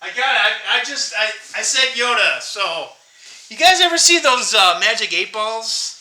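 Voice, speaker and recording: A man's voice: high-pitched, expressive, normal speed, pushed and bright, poor audio. A man in his fifties rambling bitterly to his viewers in a casual monologue, swearing and laughing to himself. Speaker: vlogger.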